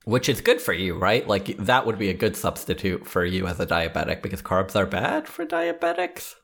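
Man, podcast co-host, deadpan, dry jokes, casual, lowish voice. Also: normal speed, gravelly. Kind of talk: casual chat.

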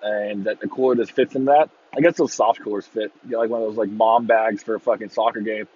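A man ranting casually on a podcast, swearing freely and breaking into loud mocking impressions of fans. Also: on the low side, steady tone, fast, muffled recording, slight background noise. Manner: profane, exasperated ranting with mocking shouted impressions. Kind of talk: casual rant.

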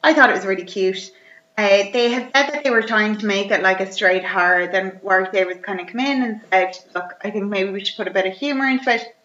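A woman chatting casually, retelling a film's plot with animated, sweary humour and acting out the characters. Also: mid-range voice, brisk. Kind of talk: casual chat. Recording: roomy, slightly dull recording.

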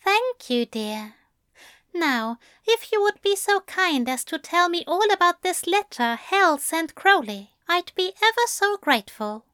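A woman reading a story, voicing a gentle, affectionate male angel who coaxes softly. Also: very high voice, very animated, measured pace, no room sound, studio quality, voice pushed up, heavily acted. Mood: coaxing. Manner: soft, crooning, coaxing.

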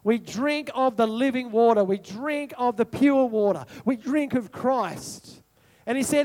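Male pastor, very high voice, repetitive rhetorical sermon delivery. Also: unhurried, a little mellow. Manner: repetitive rhetorical preaching, asks the congregation questions.

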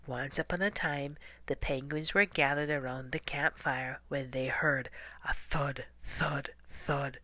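Slow, soft-spoken woman reading a storybook. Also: a bass voice, fairly even intonation, no echo. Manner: soft, often half-whispered, unhurried. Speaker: storybook reader. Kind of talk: children's story read-aloud.

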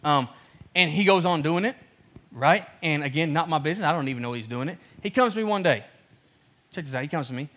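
Casual male preacher, bright and high-pitched, chatty sermon delivery with self-deprecating humor. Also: quick pace. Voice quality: lively storytelling, acts out both sides of conversations. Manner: casual and conversational, laughs at himself. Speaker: pastor.

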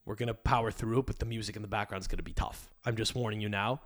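A man's voice: lowish voice, fairly even intonation, quick pace. A man hosting a podcast, ranting crudely and rambling with many restarts. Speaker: podcast host. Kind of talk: casual rant.

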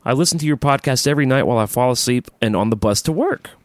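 A man's voice: medium pitch, animated, fast talker, no echo. A man co-hosting a casual music podcast, enthusiastic and jokey, reading listener emails. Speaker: podcast co-host.

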